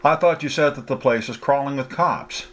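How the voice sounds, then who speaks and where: A man's voice: mid-range voice, normal speed, fairly bright tone, pitched above the performer's own voice, close to an everyday voice. A guarded young driver with a dry, wary edge, speaking close to the narrator's own voice, as a man reads him in a story. His lines sound slightly lifted but plainly everyday.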